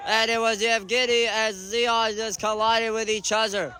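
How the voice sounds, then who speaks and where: Man, high voice, bright tone, measured pace, live amateur soccer play-by-play full of shouted calls. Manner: excitable, frequent shouted calls and exclamations. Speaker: amateur match commentator. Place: indoor soccer stadium.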